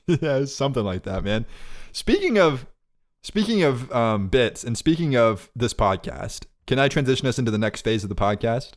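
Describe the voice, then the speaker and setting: A man's voice: mid-range voice, very animated, moderate pace. A man in his twenties co-hosting a podcast, chatting casually and riffing on jokes with frequent laughs. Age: 20s. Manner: joking, rambling bits with frequent laughs. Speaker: podcast co-host. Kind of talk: casual chat.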